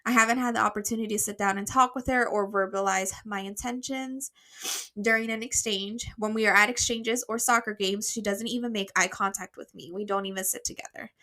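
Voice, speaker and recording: A woman's voice: mid-range voice, steady tone, a little fast, sharp tone. A woman co-hosting a casual podcast, a bit out of breath as she reads a listener's letter aloud with fillers and restarts. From United States. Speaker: podcast co-host.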